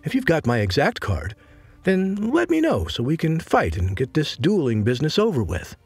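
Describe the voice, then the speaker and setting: Sly, easygoing teen boy trader, read by a male narrator, slightly husky. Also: fairly high pitch, huge pitch swings, normal speed, no echo, faint music behind, pitched above the performer's own voice, heavily acted. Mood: easy, sly. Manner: easygoing, smooth-talking. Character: calm, sly bald teenage boy trader.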